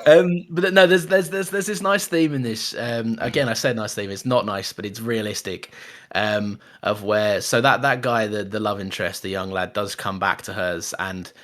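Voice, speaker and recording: A man with a lowish voice co-hosts a podcast at a moderate pace, casually chatting about a film. He's animated, laughs often, and restarts his sentences many times.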